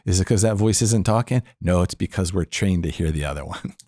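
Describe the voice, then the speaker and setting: A man's voice: sits low, a little fast, dark tone, dry recording, studio quality. An older man speaking as a podcast guest, teaching about faith in an earnest, emphatic way, repeating phrases and laughing between points.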